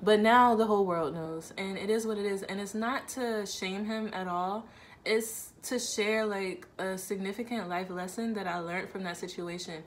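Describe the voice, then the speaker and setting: A woman's voice: medium pitch, steady tone, normal speed, slight background noise. A woman, casually telling a personal story to camera on her channel and acting out both sides of an argument. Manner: frequent "like" fillers, conversational.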